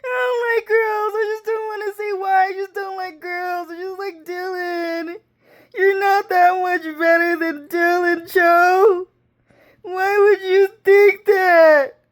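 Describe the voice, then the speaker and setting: A woman putting on a hysterical person who screams and wails through tears in a shrill, shrieking voice. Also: flat delivery, slow pace. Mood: hysterical crying.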